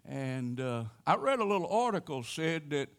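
Older preacher, lively folksy delivery. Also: male voice, fairly high pitch, normal speed, smooth. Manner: folksy storytelling, bursts into loud exclamations and song. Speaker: pastor. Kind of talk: sermon.

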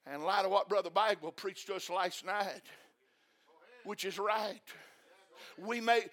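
A male preacher delivering an impassioned sermon, repeating phrases and breaking into shouts. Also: high voice, unhurried.

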